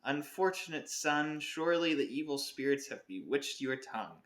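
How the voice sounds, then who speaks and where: An impatient, stern mother scolds her child in slow, haughty phrases from a storybook reading, voiced by a man. The voice is pitched up and bright, with a roomy echo. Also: lively intonation. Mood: scolding.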